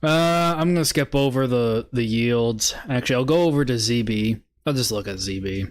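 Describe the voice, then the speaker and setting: A man's voice: medium pitch, moderate pace. A man hosting a casual trading live stream, laid-back and muttering, breaking into swearing laughter.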